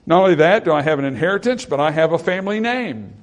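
A man's voice: on the high side, animated, fast talker, dull audio. A man preaching a sermon, reading scripture aloud and explaining it in a plain, conversational way, with passages that build through repetition and rising emphasis. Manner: plain, conversational asides with fillers.

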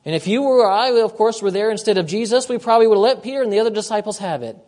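A man preaching a sermon, emphatic, repeating his key phrases and moving between loud and hushed delivery. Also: sits high, rapid-fire.

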